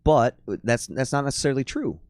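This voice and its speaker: A man's voice: mid-range voice, expressive, fairly quick, a little mellow, smooth, no echo. A man who works as a fitness and nutrition coach, talking bluntly in a casual podcast chat and swearing often. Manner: blunt, swears freely, slips into mocking voices.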